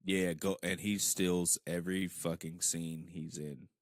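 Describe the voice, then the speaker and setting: Podcast co-host: deep, gravelly man, laid-back and profane, dry close mic. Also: a little slow, no echo. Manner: relaxed, profane, trailing off quieter at phrase ends. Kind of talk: casual chat.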